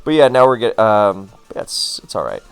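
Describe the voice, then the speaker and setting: A man's voice: fairly low pitch, big pitch swings, normal speed, creaky, clear, resonant tone. A man casually commenting on his own game, rambling into wry asides with plenty of fillers. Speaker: gaming commentator.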